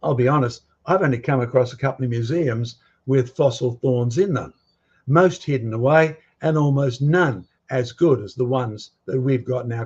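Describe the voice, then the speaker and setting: A man's voice: mid-range voice, a little mellow, slightly rough, muffled recording. A man giving a lecture with slides to a live audience, speaking emphatically and quizzing his listeners with provocative questions. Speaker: guest lecturer.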